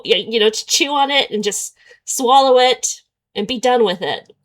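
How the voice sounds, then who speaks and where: A woman's voice: on the high side, lively intonation, moderate pace, fairly bright tone. Woman doing let's play commentary, sarcastic and laughy, voice bouncing all over the place. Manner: sarcastic, laughing often, incredulous. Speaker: gaming channel host.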